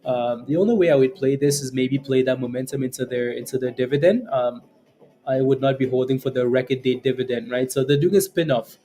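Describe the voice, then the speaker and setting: A man's voice: mid-range voice, fairly quick, warm tone. Chatty man hosting a trading stream. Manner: chatty, laughs often, repeats phrases, many fillers. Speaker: stock trading livestream host. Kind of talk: casual live commentary answering chat.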